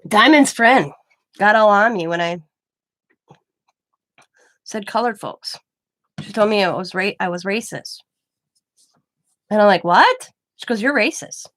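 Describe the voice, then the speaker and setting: A woman's voice: mid-range voice, unhurried, long pauses, a bit bright, a little hiss or hum. A woman in her forties hosting a craft channel, telling a story in rambling casual chat, full of restarts and cut-off words. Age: 40s.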